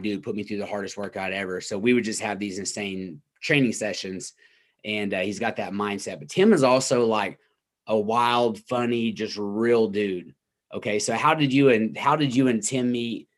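A man hosting a casual interview, laid-back and encouraging. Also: lowish voice. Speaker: podcast host and coach.

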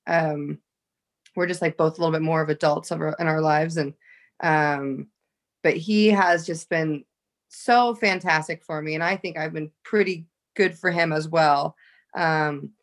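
A young adult woman, a fighter, telling lively stories in casual chat with many restarts. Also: fairly low pitch. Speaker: fighter guest.

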